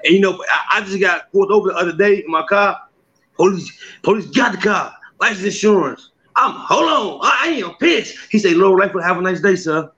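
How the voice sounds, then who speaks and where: High bright-voiced guy, animated storyteller, does voices and laughs a lot, bit muffled lo-fi sound. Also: fast talker, a little hiss or hum. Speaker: comedian and skit maker. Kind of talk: casual interview.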